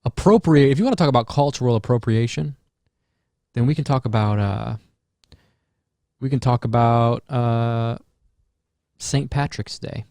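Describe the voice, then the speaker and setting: A man's voice: medium pitch, unhurried, pauses often, a little mellow, dry recording, studio quality. A man hosting a casual solo podcast, rambling and musing aloud, swearing freely and trailing off into fillers and restarts. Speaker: podcast host.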